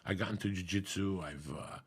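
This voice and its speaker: A man with a raspy, gravelly voice, telling stories in casual chat as a comedian guest, swearing freely and acting out what people said. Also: low voice, brisk. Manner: profane, animated storyteller acting out quotes.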